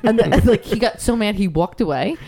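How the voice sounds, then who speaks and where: A woman's voice: mid-range voice, lively intonation, a little fast, creaky, mellow. A woman in casual podcast chat, telling stories animatedly, often laughing and acting out the people she quotes.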